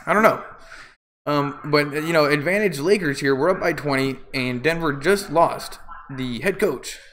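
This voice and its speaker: Man, slightly high voice, casual play-by-play, rambling, opinionated, jokey. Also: measured pace, a bit bright. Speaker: amateur play-by-play commentator. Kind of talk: casual live play-by-play commentary.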